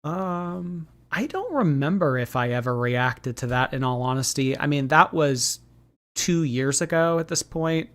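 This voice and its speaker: A man hosting a livestream, reading viewer messages aloud and gossiping in a chatty, animated way with lots of fillers. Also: fairly high pitch, measured pace. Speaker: livestream commentary host.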